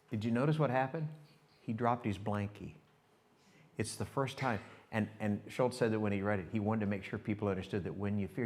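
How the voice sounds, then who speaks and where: A male pastor preaching a sermon, telling a story with animation and talking straight to his congregation. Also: lowish voice. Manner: animated storytelling, shifts to hushed reflection; talks directly to the congregation.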